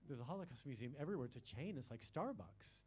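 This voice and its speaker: A man in his sixties doing a live stand-up set on a club stage, crude and self-mocking, with quick asides to the crowd. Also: mid-range voice, very animated, a little mellow. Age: 60s. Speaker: stand-up comedian.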